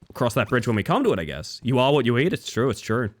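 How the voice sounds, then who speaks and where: A man's voice: mid-range voice, big pitch swings, fast talker. A young man from Western Australia with a Western Australian accent tinged with British, chatting playfully with viewers while gaming on a live stream.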